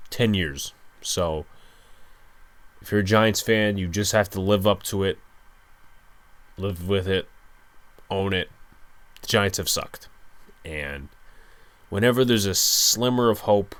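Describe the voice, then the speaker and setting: A young man hosting a solo sports podcast, speaking low and hushed late at night, with a resigned, frustrated fan's tone. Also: no echo. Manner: resigned, frustrated fan rant. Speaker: podcast host.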